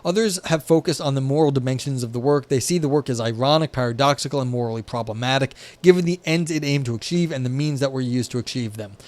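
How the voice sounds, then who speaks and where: A man's voice: mid-range voice, fast, few pauses, a little mellow. A young man on a live stream, reading philosophy aloud and reacting with wry, profane asides full of "like" and restarts. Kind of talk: casual live-stream commentary. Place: indoors at a desk by a window.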